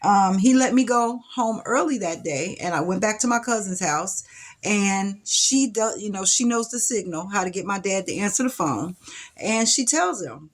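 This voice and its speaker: A middle-aged woman speaks straight to camera. She recounts her past in a reflective, emotional way, with sighs and restarts. Her voice sits at a typical pitch for a woman. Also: lively intonation, moderate pace. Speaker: vlogger telling her life story. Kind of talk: personal storytelling to camera. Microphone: camera mic.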